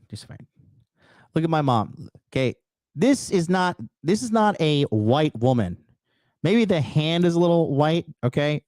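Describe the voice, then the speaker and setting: Host: man, blunt heated profane rant, mellow dark voice, dry close sound. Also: mid-range voice, dry recording. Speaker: call-in show host. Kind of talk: casual ranting monologue.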